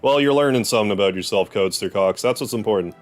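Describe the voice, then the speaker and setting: A man's voice: on the low side, fast, faint music behind. A man streaming a video game, joking and rambling through casual commentary. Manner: joking, self-deprecating asides.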